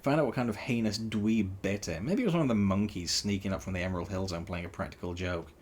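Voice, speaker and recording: A man's voice: lowish voice, fast, darkish tone, slight background noise, lightly acted. A man voicing Sonic, a cocky young male hedgehog hero who talks in snappy slang. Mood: snippy.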